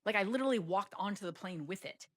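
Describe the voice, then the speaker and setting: Her voice sits in the mid range, fast and expressive with a fairly bright tone. She's an American podcast guest recounting a trip chattily, leaning on "like" and theatrically replaying what she said back then.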